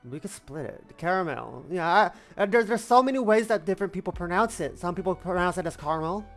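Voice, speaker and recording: A woman in her twenties streams a game and chats casually in a lowish, animated voice at a brisk pace, with faint music behind her. It's a relaxed let's-play where she rambles and playfully repeats herself.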